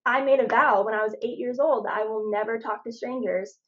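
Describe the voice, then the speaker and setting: A woman's voice: on the high side, fairly even intonation, a little fast, muffled recording. A young adult woman from Arizona, a guest in a casual faith-centered conversation, telling stories in a chatty way full of "like.". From Phoenix, Arizona, USA. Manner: chatty storyteller, lots of "like". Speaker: interview guest.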